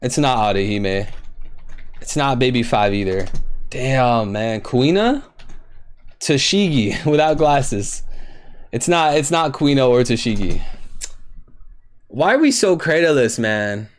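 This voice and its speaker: A man's voice: medium pitch, animated, slow, pauses often. A young man live-streaming, guessing quiz answers aloud, swearing in frustration and talking to his chat while typing.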